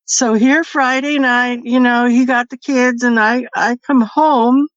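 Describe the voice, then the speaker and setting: A woman recounts a personal experience in a chatty, easygoing way, laughing between phrases. Her voice sits a little high, and the recording sounds dull and completely dry. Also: steady tone, unhurried, dry recording. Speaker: podcast guest. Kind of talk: casual storytelling.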